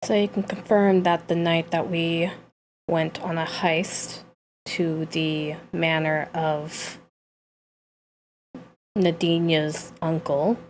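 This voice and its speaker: A woman player speaks slowly in a low voice, pressing pointed questions. A faint background hiss sits under her. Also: level tone, poor audio. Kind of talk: tabletop game play.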